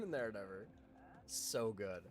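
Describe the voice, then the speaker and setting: A man streaming a game live, chatting affectionately and excitably with his viewers and reacting loudly to the action. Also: fairly low pitch, slow pace. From Utah, US. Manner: excitable, affectionate, talks to chat. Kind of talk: casual gameplay livestream chat.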